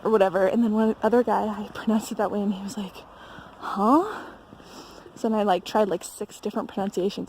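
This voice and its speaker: A woman's voice: mid-range voice, background noise. A young American woman vlogging casually on a walk through a snowy mountain village, chatty with lots of fillers and laughter. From United States. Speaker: travel vlogger. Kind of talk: casual chat while walking.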